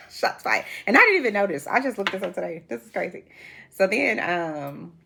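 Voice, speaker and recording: A woman in her forties hosting a reality TV commentary chat, sassy and animated, laughing often as she talks. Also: medium pitch, fairly quick, vocal fry, slight background noise. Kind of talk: casual chat.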